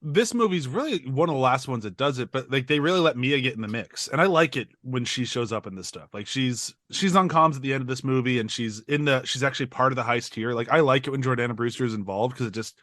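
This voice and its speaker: A man's voice: medium pitch, lively intonation, fast talker, hardly any pauses, a bit bright, no room sound, clean studio sound. A man co-hosting a podcast, talking through a movie in a rambling, enthusiastic way with lots of fillers. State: over-caffeinated. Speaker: podcast co-host. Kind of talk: casual movie discussion.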